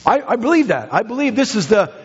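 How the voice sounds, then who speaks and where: An American pastor preaches with emphatic repetitions, his voice husky and fairly high. The sound is dull and lo-fi. A long hall reverb trails his words through the church. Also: sing-song, fast talker. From United States. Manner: emphatic preaching with repetitions and sudden pitch swings. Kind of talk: sermon. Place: church sanctuary.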